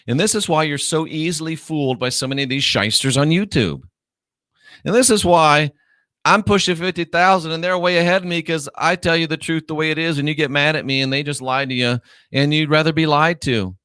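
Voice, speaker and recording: A man hosting his own online show, delivering a scornful, lecturing monologue and stretching key words out slowly for emphasis. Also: fairly high pitch, fairly bright tone, clear, resonant tone, dry recording, studio quality.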